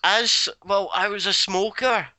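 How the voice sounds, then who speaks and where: Man, chatty guest; rambling, giggly, swears a lot; very bright, crisp tone with a dry, close sound. He laughs through his own stories. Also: high voice, steady tone, unhurried, no room sound. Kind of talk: casual chat.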